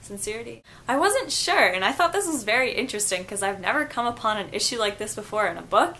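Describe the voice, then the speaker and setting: Young woman, book review vlog, bright tone, chatty and enthusiastic. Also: mid-range voice, very animated, quick pace, a little hiss or hum. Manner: chatty, enthusiastic, muses aloud.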